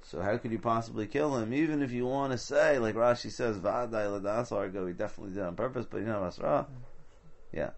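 A man's voice: on the low side, quick pace, gravelly. Man teaching Talmud, rhetorical questions. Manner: explanatory, mixes Hebrew and Aramaic terms into English. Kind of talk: Talmud study session.

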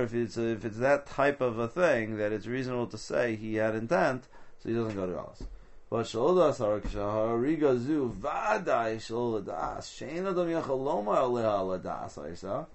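A man teaching a Talmud study session, explaining step by step and asking rhetorical questions. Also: mid-range voice. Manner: explanatory, mixes Hebrew and Aramaic terms into English.

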